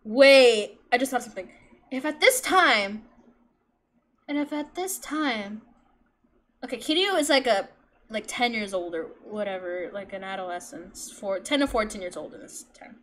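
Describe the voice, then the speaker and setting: A young woman streaming a game, chatting casually, swearing and excitable. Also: fairly high pitch, normal speed. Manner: excitable, swears a lot, laughs, squeals. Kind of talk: gameplay commentary.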